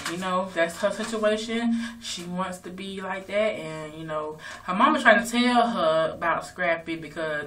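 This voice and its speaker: A woman's voice: lowish voice, fairly bright tone. A woman casually recapping a reality show episode, loose and rambling with lots of fillers and swearing. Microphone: phone. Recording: distant phone recording.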